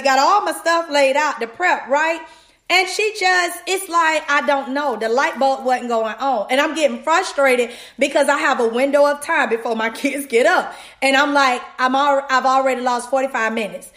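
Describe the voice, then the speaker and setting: Her voice sits high and moves at normal speed as this podcast host offers a devotional in the form of a casual motivational sermon. Animated, she talks directly to listeners with "y'all," and the sound is roomy.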